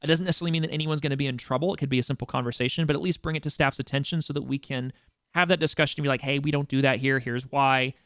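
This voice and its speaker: Fast-talking man running a community meeting. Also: on the high side, steady tone, fairly bright tone, dry recording, clean studio sound. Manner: rambling, frequent restarts and fillers; informal, occasionally swears for emphasis. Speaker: roleplay server staff host. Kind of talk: casual community meeting announcements.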